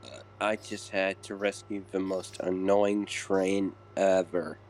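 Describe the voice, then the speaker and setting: A man's voice: low-pitched, level tone, slow, darkish tone, slight background noise. A man voicing a grumpy, dismissive male train engine. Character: grumpy young adult male engine, Ted.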